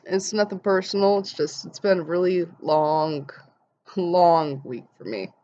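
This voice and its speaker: A young woman vlogger telling an animated story and acting out the quotes in voices. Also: lowish voice, measured pace. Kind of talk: casual storytelling vlog. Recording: dull lo-fi sound.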